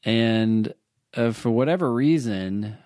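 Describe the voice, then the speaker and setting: A man's voice: mid-range voice, slow pace, a little mellow, no echo, studio quality. A man tutoring for the LSAT in a casual chat, patiently explaining logic with everyday examples and repeating key points.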